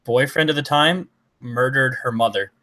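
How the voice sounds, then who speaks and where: A man's voice: mid-range voice, normal speed, a crowd in the background. A man telling a story as a guest in a live video chat.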